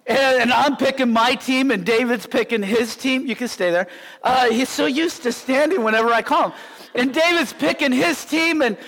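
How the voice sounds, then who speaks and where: A man preaching a sermon as a pastor, telling stories in an animated way and acting out the scenes. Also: extremely high pitch. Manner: animated storytelling, acts out scenes. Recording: long hall reverb.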